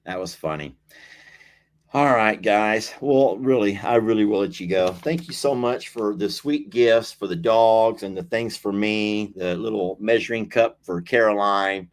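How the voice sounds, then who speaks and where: A man's voice: fairly low pitch, a little slow. A man hosting a casual livestream, chatting, reading viewer comments aloud, laughing often and teasing. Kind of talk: casual live-stream chat.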